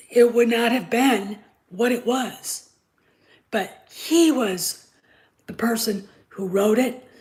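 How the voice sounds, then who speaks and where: A woman streamer argues her point to her chat in an unscripted rant. Her pitch sits in a mid range, and she talks in an insistent, lecturing way, hammering points home with repetition and frequent "okay?" and "all right?". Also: poor audio. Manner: emphatic, repeats points. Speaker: live stream host.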